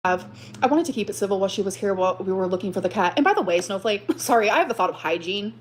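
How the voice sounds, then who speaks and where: A woman's voice: medium pitch, lively intonation, rapid-fire. A woman on a livestream telling how she was hurt, swearing often and repeating lines for effect. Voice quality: exaggerated dramatic repetition. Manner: profane, aggrieved, rising to outbursts. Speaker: livestreamer telling her story. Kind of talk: emotional venting on a livestream.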